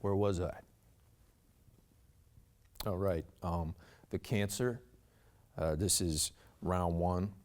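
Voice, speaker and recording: An actor playing a rambling blue-collar husband. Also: male voice, deep voice, steady tone, darkish tone. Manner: rambling, says "man" constantly, many halting restarts. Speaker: stage actor in a one-man play. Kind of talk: theatrical monologue.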